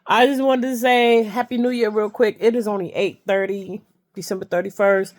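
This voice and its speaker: A woman's voice: mid-range voice, fairly even intonation, normal speed. Grandmother vlogger, congested, easygoing home chat. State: stuffy with a cold. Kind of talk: casual chat to viewers. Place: in bed at home.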